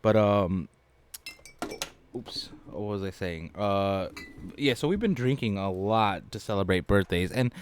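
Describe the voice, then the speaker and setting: Low-voiced man, casual podcast chat. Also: unhurried, slight background noise. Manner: chatty, laughs easily, swears casually. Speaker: podcast co-host, producer. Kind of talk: casual beer-tasting chat.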